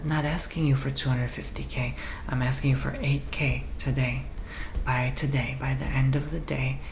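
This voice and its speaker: A man's voice: mid-range voice, echoey room, background noise, close to an everyday voice. A man whispering in a role-play as a pushy, rude male timeshare salesman who presses hard for a sale. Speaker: ASMR role-player.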